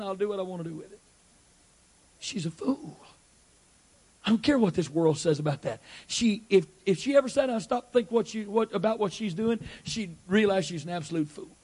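A man with a high voice preaches a sermon in a drawl. He hammers on his points again and again and acts out small scenes as he goes.

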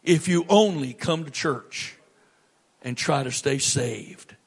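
A male pastor delivers a sermon in a gravelly, husky voice. He speaks slowly and deliberately, rising to booming peaks and dropping to hushed whispers. The voice is rough and fry-laden throughout. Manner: preaching with big swings from booming to hushed whispers.

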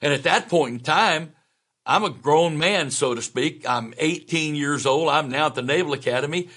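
A man's voice: fairly high pitch, a bit bright. A man in his seventies from the United States, preaching a sermon as a bishop and telling plain, folksy stories from his own life. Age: 70s. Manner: folksy personal storytelling, unhurried.

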